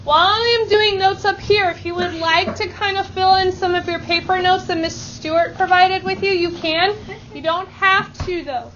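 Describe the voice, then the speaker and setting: A woman's voice: very high-pitched, fairly even intonation, moderate pace, a bit bright, muffled recording, a little hiss or hum. A woman math teacher giving classroom instruction, upbeat and leading call-and-response chants with her students.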